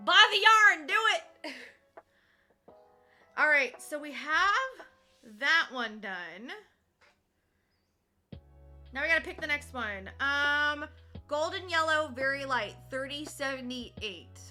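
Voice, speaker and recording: A woman's voice: sits high, expressive, slow, pauses often, sharp tone, faint music behind. A young woman streaming casually while cross-stitching, chatty and teasing, swearing freely and laughing often.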